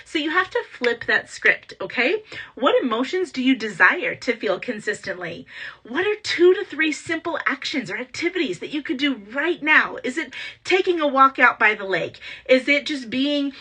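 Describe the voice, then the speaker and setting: A woman hosting a motivational talk, energetic and full of rhetorical questions. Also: high voice, moderate pace, slightly rough. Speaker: podcast host and entrepreneur coach.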